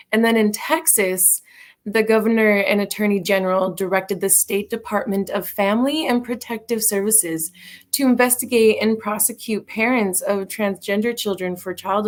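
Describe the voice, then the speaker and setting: A woman from North Dakota reading the news on a radio show, friendly and quick to laugh between steady reading. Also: mid-range voice. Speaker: news reader.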